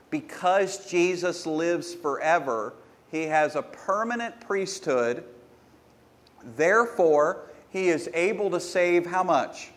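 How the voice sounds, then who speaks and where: A pastor preaching a sermon, building his points with punchy rhetorical questions and bursts of emphasis. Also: on the high side.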